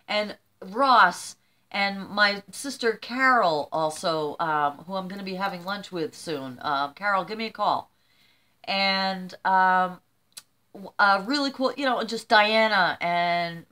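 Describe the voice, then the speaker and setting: Speaking to camera in a mid-range voice, an older vlogger chats casually and warmly. She works through a string of shout-outs and ends up in tears while talking.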